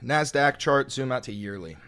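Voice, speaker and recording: A man's voice: medium pitch, expressive, normal speed, a bit bright, clean tone. A young man hosting a livestream, ranting with heated, profane political commentary. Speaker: livestream host. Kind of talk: live-streamed political commentary.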